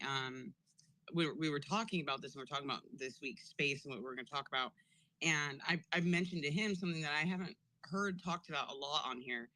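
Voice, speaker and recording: Man, bright sharp voice, dry sound, casual chatty talk, swears. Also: a little high, no room sound, poor audio. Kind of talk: casual live audio-space discussion.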